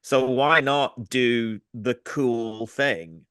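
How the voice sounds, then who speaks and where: A New man with a bright, forceful voice tells crude, jokey stories on a podcast. His voice sounds close and dry. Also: medium pitch, very slow, smooth, no room sound. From New Zealand. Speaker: comedian, podcast host. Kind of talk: casual chat.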